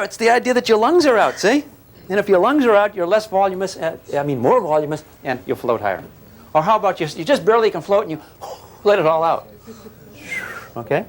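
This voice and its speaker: An older man giving a physics lecture to a class, teasing and questioning his students as he explains. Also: high-pitched. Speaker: physics teacher.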